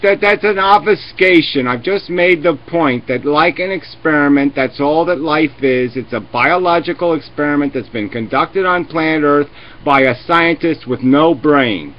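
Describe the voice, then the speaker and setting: A man's voice: fairly high pitch, normal speed. A profane ranting man on a lo-fi stream. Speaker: host of a live video chat. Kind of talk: heated live debate. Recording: lo-fi webcam stream audio.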